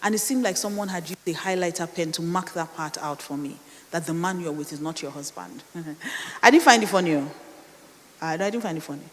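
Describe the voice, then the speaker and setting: A middle-aged woman with a Nigerian accent and a deep voice speaks at normal speed in a reverberant hall. She recounts a personal story in a dramatic, sermon-like style, filled with rhetorical questions.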